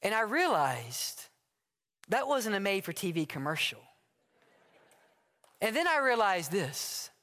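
A man's voice: high-pitched, slow, pauses often. A man preaching a sermon from the pulpit, telling stories and acting out short dialogues. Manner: animated storytelling with acted dialogue. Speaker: pastor. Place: church sanctuary. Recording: long hall reverb.

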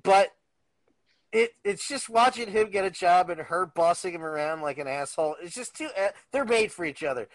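A man's voice: sits high, expressive, normal speed, no echo. A man co-hosting a podcast, telling rambling, laughing anecdotes in casual chat. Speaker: podcast co-host.

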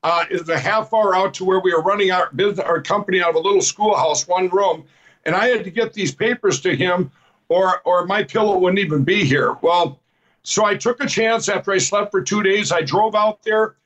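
A man with a notably high voice tells his life story as an interview guest. He rambles earnestly, retelling old conversations line by line with a string of "I said"s, and now and then laughs at himself. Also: brisk, fairly bright tone, lo-fi sound. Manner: rambling, repeats "I said" while retelling dialogue. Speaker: guest telling his testimony. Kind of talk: personal storytelling.

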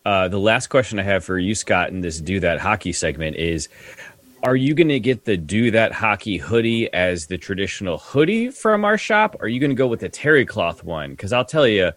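Casting: low-voiced male co-host, deadpan roasts, very lively pitch, dry recording. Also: normal speed, dry recording. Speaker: podcast co-host. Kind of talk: casual chat.

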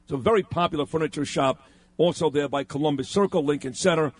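Indignant New talk radio host. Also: male voice, on the high side, fast talker, slightly rough, no echo. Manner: indignant, emphatic, acts out quoted exchanges. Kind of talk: animated storytelling on talk radio.

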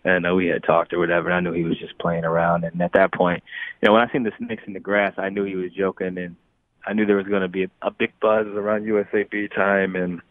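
A young man speaking as a guest in an interview, relaxed and chuckling often, sometimes restarting his phrases. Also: low voice, fast, no echo. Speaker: guest athlete. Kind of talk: casual interview talk. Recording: tinny phone line.

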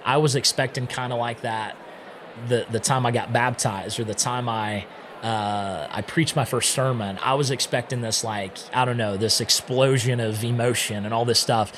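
A man's voice: medium pitch, steady tone, moderate pace, noisy background. A man telling the story of how he became a missionary in a casual, conversational way, often dropping in "man" and "right?". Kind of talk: personal testimony storytelling. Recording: music playing underneath.

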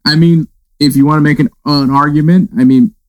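A man's voice: on the high side, fairly even intonation, a little fast, darkish tone, rough recording. Chatty laughing male sports podcaster. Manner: rambling, laughs often, many restarts. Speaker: podcast co-host. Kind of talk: casual sports chat.

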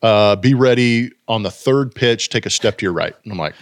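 A man's voice: fairly low pitch, normal speed, no room sound, studio quality. A former ballplayer telling stories in casual chat, acting out quotes and laughing as he goes. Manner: animated, acts out quotes with laughs.

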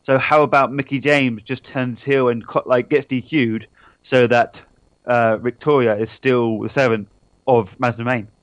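A man's voice: mid-range voice, fairly even intonation, normal speed, dry recording, muffled recording. Matter-of-fact radio co-host man. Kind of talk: casual radio chat.

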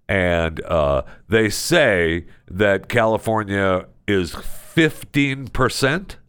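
Ranting man host with a deep voice. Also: dry recording. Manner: mock-outraged ranting, sarcastic. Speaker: podcast host. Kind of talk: casual comedic monologue.

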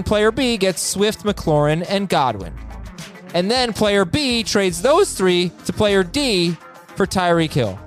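A man hosting a casual podcast, reading listener emails aloud in a jokey, animated way. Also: sits high.

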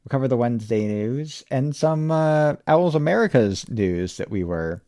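A man's voice: mid-range voice, expressive, normal speed, warm tone, dry recording, studio quality. A man hosting a casual podcast, laid-back and wry, laughing often and swearing casually. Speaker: podcast host.

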